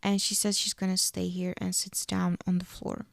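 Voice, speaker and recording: Gravelly-voiced woman recapping episodes. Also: on the low side, completely flat delivery, moderate pace, no echo, studio quality. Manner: retells scenes step by step with fillers and self-corrections. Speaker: podcast host.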